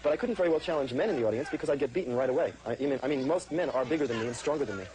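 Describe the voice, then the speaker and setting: A man's voice: mid-range voice, very fast, darkish tone, rough recording. A man, a comedian, earnestly explaining his stage act in an archival interview.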